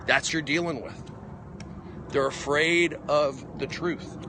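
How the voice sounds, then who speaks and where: Male comedian, fairly high voice, excitable rambling phone livestream, faint traffic hiss behind. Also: slow. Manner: excitable, emphatic, jumping between topics. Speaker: stand-up comedian. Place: outdoors on a walk.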